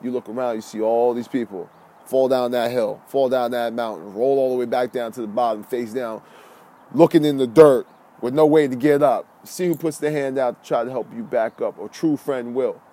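A male fitness coach delivers a motivational podcast monologue in a warm, mellow voice. He talks bluntly and with slang, hammers on key phrases, and shifts from loud bursts to calm, low-spoken stretches. A faint hum of outdoor traffic sits behind him. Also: moderate pace.

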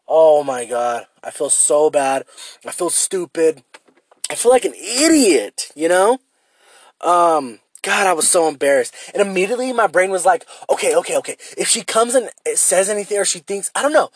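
A man's voice: sits high, husky, no room sound. A man in his thirties hosting a solo podcast, rambling and self-deprecating, swearing often and repeating himself as he talks. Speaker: podcast host. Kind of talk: casual solo podcast rant.

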